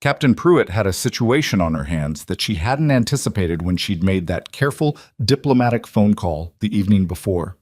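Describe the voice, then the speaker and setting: Male storyteller, low voice, dry close sound, measured dramatic reading. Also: expressive, darkish tone, no room sound. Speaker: narrator. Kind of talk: scripted story narration.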